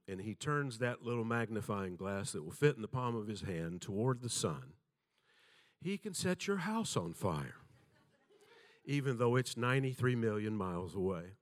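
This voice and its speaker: An older man with a Southern American accent, preaching a sermon and telling folksy stories, acting out the voices in them. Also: on the low side. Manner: folksy storyteller, acts out quoted voices. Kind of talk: sermon with storytelling.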